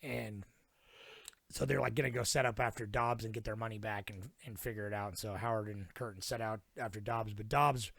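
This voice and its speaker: Gravelly young man recapping a film. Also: on the low side, steady tone, fairly bright tone. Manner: profane, rambling retelling with quick put-on character voices. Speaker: podcast co-host. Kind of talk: casual film recap chat.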